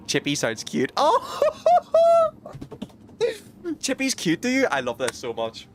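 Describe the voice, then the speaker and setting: A man's voice: on the high side, huge pitch swings, slow, background noise. A British man streaming a game, chatting casually with his viewers in a rambling way, full of fillers and restarts. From United Kingdom. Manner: rambling, many fillers and restarts, reacts to chat.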